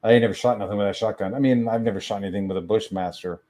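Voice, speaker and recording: A man's voice: lowish voice, fairly even intonation, racing, warm tone. A young man on a stream, ranting in a rambling way and swearing heavily. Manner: crude, rambling, heavy swearing. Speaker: stream guest. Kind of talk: profane ranting stream talk.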